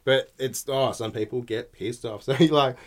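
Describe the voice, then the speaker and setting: On a podcast, an Australian co-host chats casually, telling laid-back stories with frequent swearing and laughter. His voice is medium in pitch, steady in tone, and moves at a normal speed.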